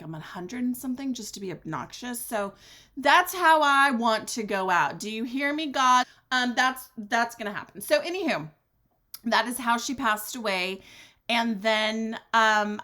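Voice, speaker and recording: A woman hosting her own podcast, talking alone in a blunt, sassy way, swearing freely and swinging her pitch for drama. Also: bright, forceful tone. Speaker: podcast host. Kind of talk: candid solo podcast monologue.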